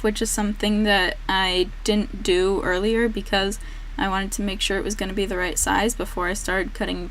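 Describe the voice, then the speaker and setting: Rambling teen girl cosplay vlogger. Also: medium pitch. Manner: rambling, unscripted, self-deprecating with frequent "um". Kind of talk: casual vlog narration over build footage.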